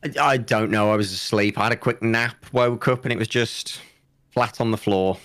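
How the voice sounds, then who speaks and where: A man playing a tabletop game, talking in a hesitant, halting way as he plans his moves. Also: fairly low pitch, steady tone, fairly bright tone, smooth. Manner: hesitant, halting, with fillers and restarts. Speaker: player. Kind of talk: casual tabletop game play.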